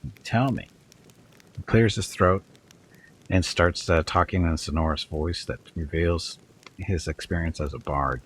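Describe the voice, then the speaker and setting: A man hosting a let's play, reading the game's narration aloud in a steady way with small stumbles. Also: low-pitched, moderate pace, slight background noise, low-quality recording.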